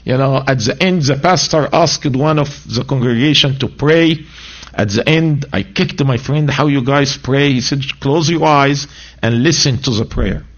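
A man's voice: medium pitch, moderate pace, lo-fi sound. Egyptian-born man preaching his testimony. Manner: animated storytelling, broken grammar, voices quotes. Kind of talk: sermon testimony.

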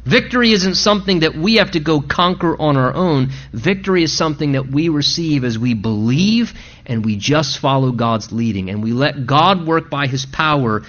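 A man preaching a sermon in an earnest, emphatic way, slowing down to read scripture and rising on his key points. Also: medium pitch, fairly bright tone. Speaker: pastor. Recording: dull lo-fi recording.

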